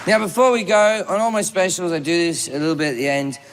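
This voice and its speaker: A man's voice: sits high, animated, quick pace, crowd noise. A man in his forties doing live stand-up, telling a long story with profanity and acted-out quotes. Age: 40s. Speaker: stand-up comedian. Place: comedy stage before an audience. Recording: echoey hall with room noise.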